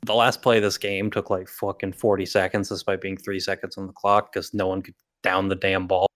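A young man with a fairly low voice co-hosts a casual sports podcast. He talks in a laid-back, dry way and lets his sentences fade out quietly. The sound is close and dry. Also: level tone, brisk, no room sound. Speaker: podcast co-host.

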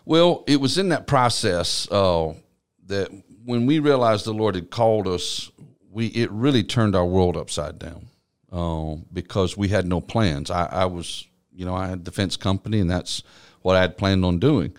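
Man, very low voice, earnest reflective testimony, interview setting. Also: normal speed, clear, resonant tone. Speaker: church business administrator.

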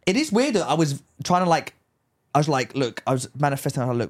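A man's voice: a little high, very animated, fast. A man co-hosting a podcast, telling a rambling story in casual chat, full of likes and rights. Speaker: podcast co-host.

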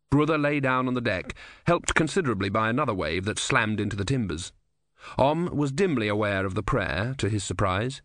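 A medium-pitched man reads an audiobook script a little quickly, keeping his storytelling steady and even. The studio sound is clean, with no room sound at all.

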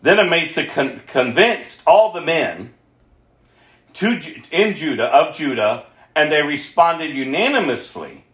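Guy preaching, reads a bible passage then chats about it, kinda high voice, echoey room. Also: expressive, measured pace, a bit bright. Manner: reads scripture aloud, then breaks off to explain it in a conversational way. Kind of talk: sermon, reading scripture with commentary.

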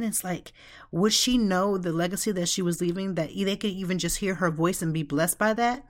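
A woman's voice: lowish voice, a little fast. A middle-aged woman hosting a podcast from her home office, talking in a heartfelt, conversational way. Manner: heartfelt, conversational, with frequent "like" and "you know". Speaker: podcast host. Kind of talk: reflective podcast monologue.

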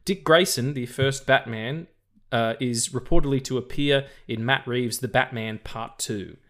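An Australian man co-hosting a podcast in a relaxed, joking way, swearing freely. His pitch sits right in the middle for a man. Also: measured pace. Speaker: podcast co-host. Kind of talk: casual film podcast chat.

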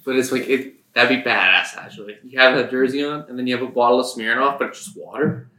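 A man from Saskatchewan chats on a podcast, rambling through stories and laughing as he goes. His voice sits at a middle pitch. The room around him has a noticeable echo. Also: fast talker, sharp tone. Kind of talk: casual chat. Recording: echoey room.

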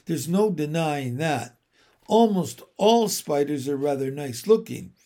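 A man voicing a kindly, refined female spider in a storybook reading, gentle and composed. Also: on the high side, lively intonation, unhurried.

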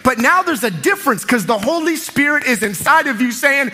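A man preaching a sermon as pastor, energetic and emphatic, with sudden loud peaks. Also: extremely high pitch, fairly quick.

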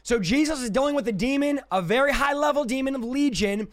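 On a livestream, a deliverance preacher teaches in an emphatic, confrontational style, hammering his points through repetition. His voice is very high and his pace brisk.

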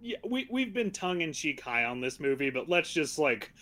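A man co-hosting a casual movie-review podcast. His voice sits somewhat high for a man, and his delivery is sarcastic and loose, full of fillers and quick laughs. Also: big pitch swings, pushed and bright. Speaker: podcast co-host.

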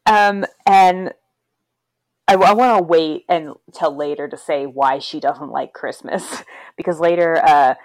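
A woman with a lowish voice chats about a film with a friend and slips into quick impressions of the characters. She laughs often as she goes. The sound is close and dry, with no room around it. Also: a little mellow, no echo. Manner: chatty, laughs often, retells scenes with quoted voices. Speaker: podcast co-host. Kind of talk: casual movie discussion.

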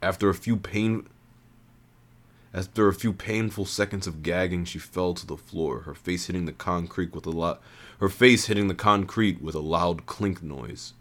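A man's voice: low-pitched, steady tone, normal speed, fairly bright tone. A man reading a first-person story in an earnest voice, often stopping to restart and reread lines.

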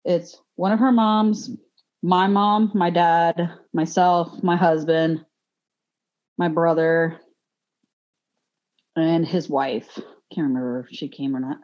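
Woman, podcast guest, rambling storyteller, laughs a lot, slightly low voice, muffled lo-fi audio. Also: steady tone, slow, pauses often, darkish tone. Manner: laughs often, rambling with fillers. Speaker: podcast guest, gym teacher. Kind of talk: casual chat, storytelling.

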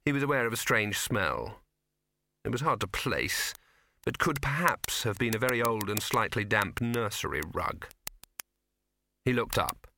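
A man narrating an audiobook in a wry, measured way. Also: on the low side, animated, gravelly, bright, forceful tone, a little hiss or hum. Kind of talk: scripted narration.

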